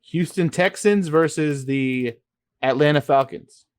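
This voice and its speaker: A man's voice: a little high, a little slow, clear, resonant tone, no echo, clean studio sound. A man hosting a sports podcast, casually reading out each matchup and making his picks. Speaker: podcast host.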